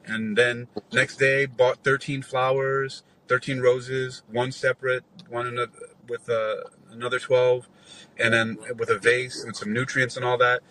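A man's voice: mid-range voice, measured pace, a little hiss or hum, poor audio. A man in his forties telling a long story in casual chat, rambling and swearing, acting out the other people's lines as he goes. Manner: rambling, profane, animated retelling with quoted dialogue.

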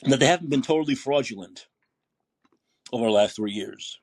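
A man's voice: mid-range voice, expressive, fairly quick, husky, no echo. A man hosting a political call-in podcast, ranting with rhetorical questions and quoting posts from his feed. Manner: heated, indignant, swearing, rhetorical questions; reads listener posts aloud. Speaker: podcast host. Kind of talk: political commentary monologue.

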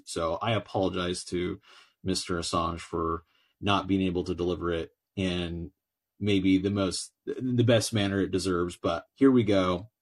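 An American man talks on his own podcast in a somewhat low voice. He rambles, with many fillers and false starts, and also reads a long letter aloud. His tone stays casual and conversational. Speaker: podcast host. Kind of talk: solo podcast monologue, reading a letter aloud.

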